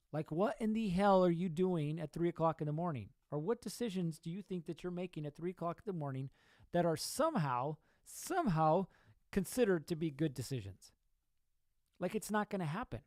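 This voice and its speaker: A man's voice: on the high side, darkish tone, dry recording. A young man hosting a podcast, giving an emphatic motivational talk full of rhetorical questions and repeated points. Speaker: podcast host.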